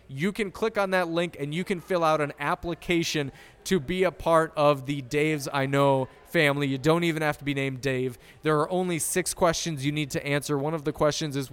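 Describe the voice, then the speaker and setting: A man's voice: a little high, clean tone. A man hosting a casual sports podcast, joking and sarcastic. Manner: sarcastic, jokey, deadpan insults. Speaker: podcast host.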